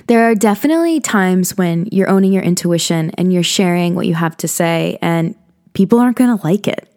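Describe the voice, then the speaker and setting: A woman's voice: fairly low pitch, lively intonation, fairly quick, darkish tone. A young woman hosting a podcast, talking casually and earnestly about spiritual self-help, with many "you know" and "like" fillers. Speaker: podcast host.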